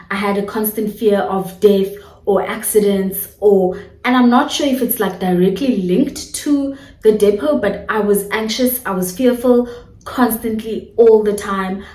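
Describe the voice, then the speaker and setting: A young woman from South Africa talks frankly and expressively to her camera, chatty and unguarded. Her voice sits at an ordinary middle pitch. It bounces around a roomy, echoey space, and she sounds a little far from the mic. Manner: candid, animated storytelling, addresses viewers as guys. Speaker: vlogger. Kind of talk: casual talk to camera.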